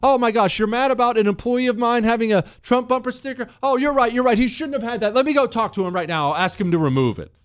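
Flustered male boss, as a man puts him on, high pitched, panicky, eager to please. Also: fast, hardly any pauses, smooth. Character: flustered male employer caving in instantly.

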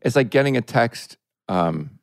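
A man's voice: mid-range voice, lively intonation, unhurried, vocal fry, dry recording, studio quality. A man co-hosting a podcast, easygoing and self-deprecating in casual banter. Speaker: podcast co-host.

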